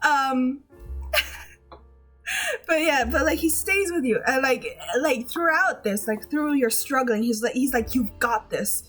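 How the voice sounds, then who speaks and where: A woman's voice: high-pitched, sing-song, slow, fairly bright tone, faint music behind. A woman streamer chatting casually, gushing and giggling as she rambles with many restarts. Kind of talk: casual chat recapping a game.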